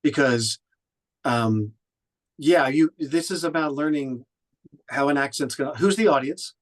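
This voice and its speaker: A man's voice: fairly high pitch, a little slow. A man from Oklahoma, an audiobook narrator and director, giving conversational feedback with frequent restarts. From Oklahoma, USA. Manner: thoughtful, with frequent restarts and fillers.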